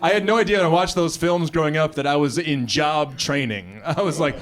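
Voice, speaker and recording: An American man performing stand-up comedy, animated and acting out other people's voices. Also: fairly high pitch, a little fast, a little hiss or hum. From United States. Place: comedy club stage before a live audience.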